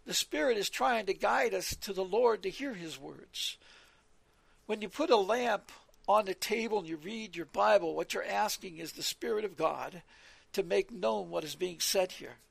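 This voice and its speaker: A man's voice: high voice, moderate pace, creaky, slightly rough, dry recording. A man giving an earnest Bible teaching in a sermon style, reading verses aloud and often repeating his words. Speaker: preacher.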